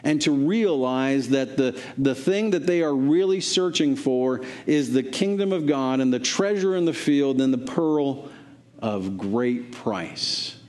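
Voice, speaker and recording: A man's voice: medium pitch, darkish tone. A man preaching a sermon as pastor, earnest and exhorting, repeating phrases for emphasis.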